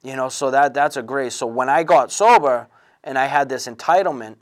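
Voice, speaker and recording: In candid testimony about his recovery, a thirties-aged man speaks in a mid-range voice, earnest but halting, frequently restarting and using fillers.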